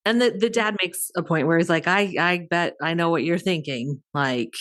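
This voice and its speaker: Low-voiced woman co-hosting a podcast. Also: normal speed. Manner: animated retelling with quoted voices. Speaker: podcast co-host. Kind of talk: casual movie discussion.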